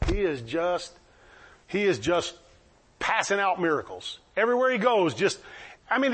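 A man preaching a sermon, retelling stories with lively acted-out voices for the people in them. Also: sits high, slightly rough. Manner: animated, acts out the people in the stories. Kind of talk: sermon, storytelling.

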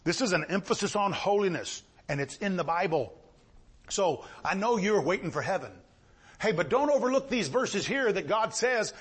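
A high-voiced male preacher delivering a sermon with lots of movement in his delivery. He reads old-fashioned scripture in a measured tone, then climbs into excited, ringing exclamations. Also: breathy edge. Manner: animated, swings from low reading to high exclamations; reads scripture in King James wording.

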